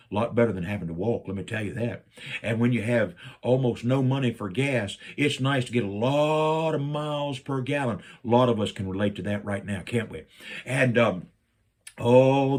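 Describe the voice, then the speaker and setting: Older guy telling a funny family story, kinda husky, acts out all the voices. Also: mid-range voice. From Virginia, USA. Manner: animated, playful, acts out each person in the story.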